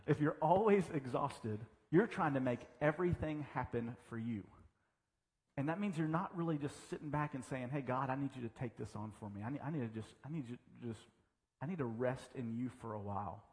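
A man preaching a sermon as pastor, mixing humorous stories and self-deprecating asides into his teaching. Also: mid-range voice. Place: church sanctuary. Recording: church hall reverb.

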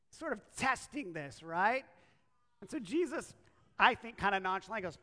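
A woman's voice: a little high, lively intonation, moderate pace, sharp tone. A woman preacher delivering a sermon as a story, acting out the quotes and turning to the listeners with asides. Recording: echoey hall.

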